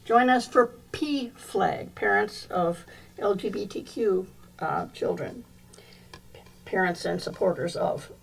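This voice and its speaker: A woman leading a church service, reading announcements in an unhurried way, with fillers and self-corrections. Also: mid-range voice, creaky, low-quality recording. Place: church sanctuary during a livestreamed service.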